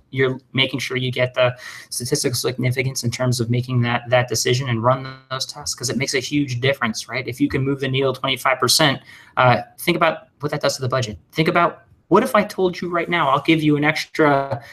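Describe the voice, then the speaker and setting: A man giving a recorded webinar lesson, talking fast and casually with jokes and plenty of fillers. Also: medium pitch. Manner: energetic, joking, conversational with many fillers. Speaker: webinar trainer.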